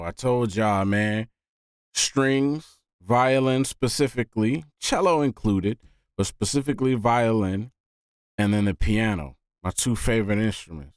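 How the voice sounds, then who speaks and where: A man hosting a music reaction video, talking casually and excitedly and often saying "man". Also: lowish voice, unhurried, clean tone, no echo, clean studio sound. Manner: animated, often says "man".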